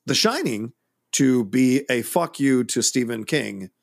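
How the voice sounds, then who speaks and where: A man co-hosting a casual film-discussion podcast, emphatic and quick to laugh along. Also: mid-range voice, expressive, creaky. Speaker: podcast co-host.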